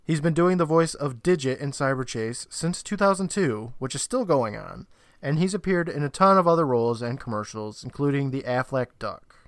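A man co-hosting a podcast, casually retelling a show's plot with quick asides and laughs. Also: medium pitch, lively intonation, no room sound, clean studio sound. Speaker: podcast co-host. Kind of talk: casual episode recap.

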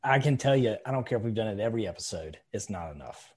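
A man's voice: on the low side, fast talker, husky. A man co-hosting a podcast, talking bluntly and with animation in casual chat. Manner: blunt and animated, telling stories with quoted speech. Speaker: podcast co-host.

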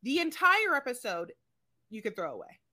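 A woman's voice: on the high side, sing-song, normal speed, bright, forceful tone, no room sound, studio quality. A woman co-hosting a podcast, recapping a show in casual chat with emphatic rhetorical questions. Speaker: podcast co-host.

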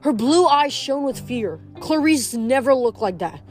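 Woman, higher voice, reading a novel aloud, steady delivery, soft music underneath. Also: measured pace. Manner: plain steady reading with small stumbles and self-corrections. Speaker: audiobook reader.

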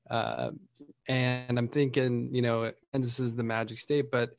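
A man's voice: mid-range voice, dry recording, clean studio sound. Chatty man hosting a business talk show. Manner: chatty, rambling, laughs often. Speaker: podcast host, Medicare marketer. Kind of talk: casual chat.

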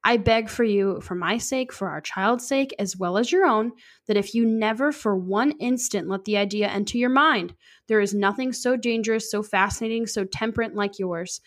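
A woman's voice: fairly high pitch, lightly acted. A woman reading the lines of a stern, patronizing husband who is a doctor, as she reads a classic story aloud in her own voice. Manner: soothing, condescending reassurance.

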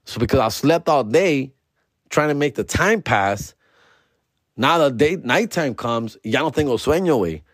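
Man, young, podcast host, swears a lot, slips into Spanish, mid pitch, dry close sound. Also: expressive, measured pace, no echo. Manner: profane slang-heavy storytelling mixed with Spanish. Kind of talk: casual storytelling.

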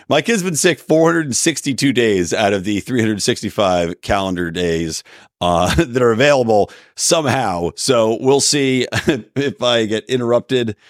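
A man's voice: lowish voice, unhurried, dry recording, studio quality. A man, hosting his own podcast as an opinionated solo commentator who rants with wry asides. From Philadelphia area. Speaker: podcast host.

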